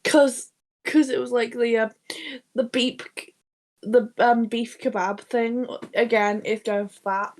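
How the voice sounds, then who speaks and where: A woman co-hosting a casual podcast, her voice pitched a bit higher than most. She rambles through anecdotes full of false starts and laughter, and she swears freely. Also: steady tone, a little slow. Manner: rambling, laughing anecdote-telling with many restarts. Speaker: podcast co-host. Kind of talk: casual chat.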